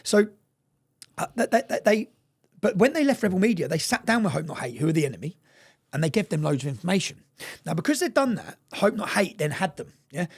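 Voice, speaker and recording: A man's voice: high voice, big pitch swings, fairly quick, breathy edge. A man telling his story in an interview, emphatic and swearing often, checking in with his listener as he goes. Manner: emphatic and profane, keeps checking in with "yeah?". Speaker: interview guest.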